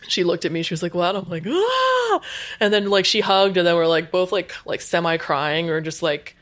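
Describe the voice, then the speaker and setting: A woman's voice: fairly low pitch, brisk. Give me a chatty woman in her thirties telling her story in an interview. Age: 30s. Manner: chatty, says "like" often, animated retelling. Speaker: guest, UX designer. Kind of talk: casual interview chat.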